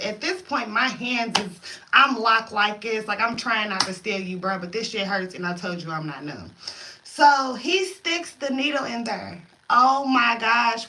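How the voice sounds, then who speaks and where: A woman. Her voice sits a little high and rings bright and forceful. She tells it casually, full of slang and big reactions. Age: 30s. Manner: animated, dramatic retelling with slang. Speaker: storytime vlogger. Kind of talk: casual storytime vlog.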